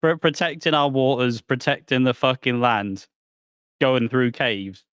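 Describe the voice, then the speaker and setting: A man's voice: mid-range voice, fairly even intonation, a little slow, fairly bright tone, smooth, dry recording. A man co-hosting a casual podcast, blunt and sweary with dry jokes. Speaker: podcast co-host. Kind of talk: casual chat.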